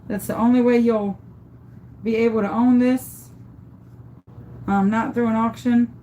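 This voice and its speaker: Speaking a little slowly in a mellow, rather high voice with a steady tone, this woman walks through making an epoxy tumbler. She's chatty, muses aloud as she works and frequently raves about the piece. The audio is poor, with slight background noise.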